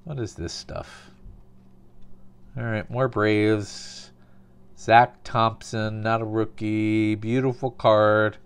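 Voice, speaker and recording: A man's voice: on the low side, fairly even intonation, slow pace, clear, resonant tone. A man casually narrating a card opening, calling out cards and telling dry, absurd little stories between pulls.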